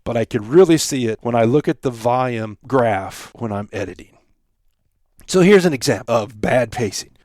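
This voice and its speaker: A man's voice: medium pitch, animated, normal speed, darkish tone, no echo, clean studio sound. A middle-aged man hosting his own podcast, talking through lessons in a reflective, conversational way. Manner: reflective, conversational, acts out quoted examples. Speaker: podcast host. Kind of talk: solo podcast monologue.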